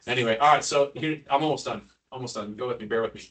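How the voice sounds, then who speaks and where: A man's voice: mid-range voice, fast talker, a bit bright. A man giving a casual, joking neurosurgery lecture to nurses, quizzing the room and tossing in asides. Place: hospital lecture room with an audience. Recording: distant mic, audience murmur.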